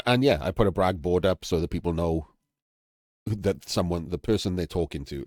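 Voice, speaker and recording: A man's voice: deep voice, lively intonation, moderate pace, a little mellow, dry recording, studio quality. A man hosting his own channel, talking candidly and self-deprecatingly to camera in a casual vlog. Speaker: channel host.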